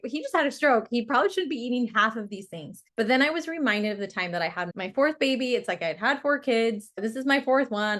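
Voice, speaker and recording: A woman giving a live online health coaching talk, upbeat and coaxing, often breaking into a laugh. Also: fairly high pitch.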